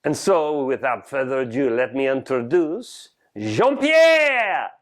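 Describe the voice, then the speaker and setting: A man playing an excitable French home chef with a French accent muddled by Australian, hosting a comic cooking lesson and tagging lines with "huh?". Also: medium pitch, moderate pace, close to an everyday voice. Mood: theatrical. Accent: French mixed with Australian. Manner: theatrical, tags lines with "huh?" and "all right?". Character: excitable theatrical French home chef, male, middle-aged. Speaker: cooking show host.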